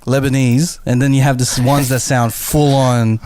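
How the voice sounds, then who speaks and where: A man's voice: medium pitch, flat delivery, moderate pace, over a noisy crowd. A man, a podcast co-host who rambles casually and fills his speech with "like.". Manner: rambling, filler-heavy. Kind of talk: casual chat.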